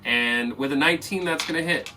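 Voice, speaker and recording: A man runs a tabletop game as game master, narrating the action in a casual, loose way with fillers. His voice is bright and forceful. He sits a bit back from the mic, with faint music playing behind him. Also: on the high side, fairly quick, recorded from a distance.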